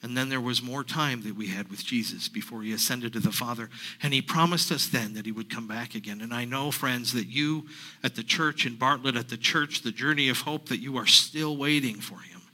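A man, a pastor, voicing a grieving woman disciple in a first-person dramatic sermon monologue, halting and repeating himself as he retells. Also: medium pitch, sharp tone, poor audio. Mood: earnest. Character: grieving woman disciple recounting the empty tomb.

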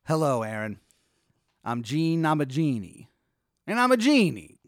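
A man voicing a scheming male genie who speaks slowly and wheedles, with a voice somewhat higher than his usual one and a dry sound. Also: very animated, no echo. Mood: sly. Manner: drawn-out, wheedling, uses a mocking pet name.

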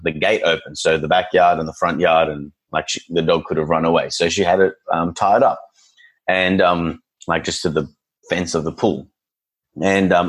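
A man's voice: deep voice, husky, low-quality recording. A man who works as a dog trainer, chatting casually and acting out his clients and their dogs as he tells stories. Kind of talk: casual podcast chat.

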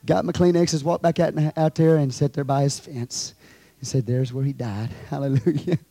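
A pastor delivers his sermon in a high, lively voice, moving from soft, conversational stories to ringing shouts aimed at the congregation. The sound is dry and close, with almost no room around him. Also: normal speed, creaky, no room sound. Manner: preaching with rising shouts and call-and-response asides.

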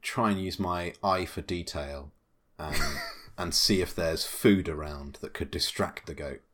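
A man playing a comedy tabletop game, casually chatting and trailing off into low mumbles. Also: unhurried, fairly bright tone. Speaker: player.

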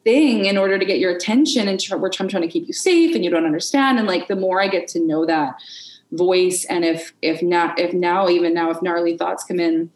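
A woman as a podcast guest in an unscripted conversation, candid and expressive, swearing freely and acting out her inner voices. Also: fairly low pitch, a little fast, reverberant, poor audio.

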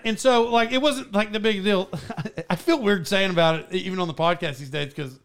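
High-pitched guy rambling thru a podcast story, laughs a lot, keeps restarting. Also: normal speed, a bit bright. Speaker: podcast host. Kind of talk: casual storytelling chat.

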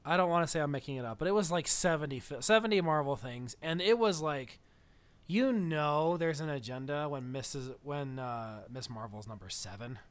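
Man, podcast co-host, casual film chat, rambling, tangents, laughs a lot, fairly high voice. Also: animated, smooth. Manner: rambling, digressive, quick to laugh.

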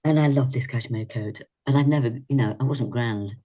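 An older actress and singer telling chatty anecdotes as an interview guest, laughing often. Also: female voice, a bass voice, fairly quick, dark tone.

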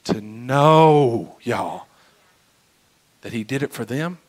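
A man preaching as pastor, impassioned, swinging between loud exclamations and hushed moments. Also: medium pitch, lively intonation, slow pace, poor audio. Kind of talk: sermon.

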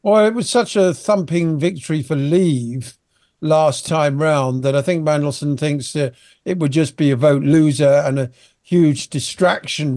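A man's voice: a little high, warm tone, dry recording, studio quality. A man from Britain giving emphatic, indignant commentary as a guest on a talk radio show.

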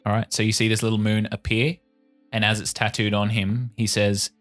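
A man running a tabletop game as game master, narrating scenes and speaking for the figures in a measured, formal way. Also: lowish voice, little pitch movement, a bit bright, faint music behind.

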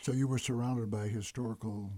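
A man's voice: medium pitch, steady tone, a little fast, warm tone, no room sound. A man from Detroit hosting an interview, asking questions and thanking his guest often. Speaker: talk show host. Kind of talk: interview host.

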